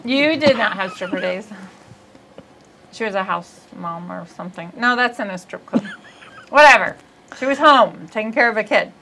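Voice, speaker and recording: A woman hosting a podcast in casual comedic chat, rambling, giggly and quick to poke fun at herself. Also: medium pitch, expressive, sharp tone, a little hiss or hum, low-quality recording. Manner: rambling, giggly, self-deprecating. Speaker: podcast host.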